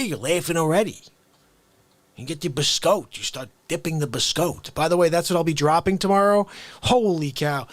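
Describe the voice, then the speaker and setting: A man hosting a casual live stream who talks straight to his viewers, excitable and upbeat, jumping from loud bursts to quiet asides. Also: a little high. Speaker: livestream host.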